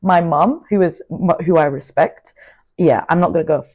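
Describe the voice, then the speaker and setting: A woman's voice: deep voice, normal speed. Outspoken woman vlogging. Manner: outspoken and animated, with frequent asides. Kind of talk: casual motivational monologue to camera.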